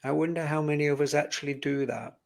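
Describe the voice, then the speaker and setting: A man talking earnestly and reflectively as a guest in a casual conversation about spirituality, often pausing mid-phrase. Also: on the high side, level tone, vocal fry.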